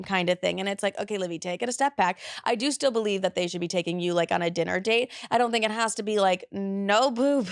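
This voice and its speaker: A woman's voice: medium pitch, no echo, studio quality. A young woman hosting a podcast, chatting casually and bluntly, with playful swearing. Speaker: podcast host. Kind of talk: casual chat.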